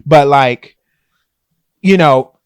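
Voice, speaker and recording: A man's voice: fairly high pitch, extremely slow, clean tone, no echo, clean studio sound. A man co-hosting a book podcast, speaking thoughtfully with hesitant restarts. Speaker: podcast co-host. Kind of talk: casual book discussion.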